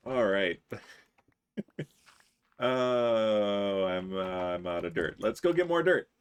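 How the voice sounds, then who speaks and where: A man's voice: fairly low pitch, lively intonation, slow pace, smooth. A man streaming a building game, chatting casually, teasing his friends and chuckling often as he reads chat aloud.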